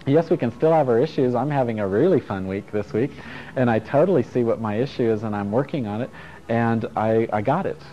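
A man's voice: medium pitch, fairly quick. A middle-aged man teaching a casual self-help workshop to a group, frank and playful, swearing and chuckling as he goes. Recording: dull lo-fi recording with faint music.

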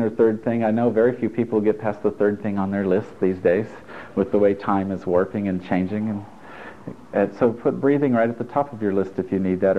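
A man, a therapist, talking a group through a workshop in a chatty, encouraging way with joking asides. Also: lowish voice. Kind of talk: live workshop talk to a group. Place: stuffy indoor room with an audience. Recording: tinny phone-like lo-fi recording.

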